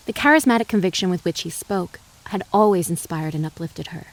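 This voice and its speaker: A woman giving measured, dramatic audiobook narration of a western novel. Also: fairly low pitch. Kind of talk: scripted narration.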